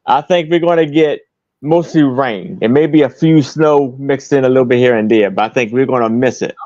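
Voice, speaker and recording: A man's voice: medium pitch, moderate pace, a little mellow, dry recording, dull audio. A man selling items on a live stream, describing them plainly with hesitations. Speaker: guest seller. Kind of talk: casual sales pitch.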